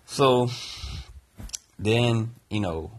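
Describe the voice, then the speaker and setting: A man's voice: medium pitch, drawn-out words. A man co-hosting a podcast, earnestly recounting a personal family story. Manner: earnest, reflective. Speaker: podcast co-host and father.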